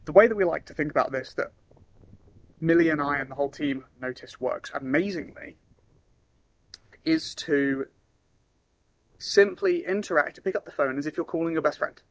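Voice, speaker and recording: A man's voice: fairly high pitch, moderate pace, pauses often, dry recording. Casual man, dry close sound. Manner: casual, acts out phone calls in lively voices. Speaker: sales trainer. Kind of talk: casual talking-head advice.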